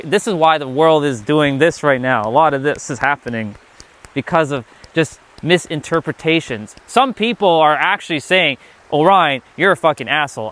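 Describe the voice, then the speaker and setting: A man's voice: on the high side, a bit bright. A young man giving a casual live-stream talk as a spiritual teacher, rambling and restarting his sentences often.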